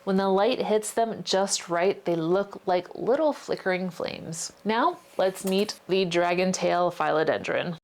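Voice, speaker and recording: Playful, lower-pitched woman plant vlogger. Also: a little slow, hardly any pauses, a little hiss or hum. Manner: playful and chatty, with jokey asides. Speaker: houseplant vlogger. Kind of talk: casual informative vlog narration.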